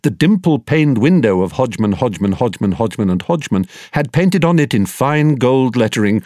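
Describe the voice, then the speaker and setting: A man's voice: mid-range voice, lively intonation, moderate pace, few pauses, mellow, dry recording, studio quality. A man reading a first-person story aloud in a droll, wry storytelling manner. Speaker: narrator. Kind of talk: scripted audiobook narration.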